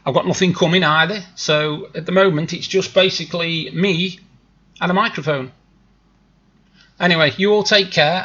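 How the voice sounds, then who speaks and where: A man with a thick Stoke-on-Trent accent rambles cheerfully to his viewers, self-deprecating and easygoing. His voice is bright and a little husky. The recording sounds slightly dull, like a cheap home microphone. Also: a little high. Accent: Stoke-on-Trent (Potteries). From Stoke-on-Trent, England. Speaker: vlogger. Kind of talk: casual chat to camera. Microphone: new desktop microphone.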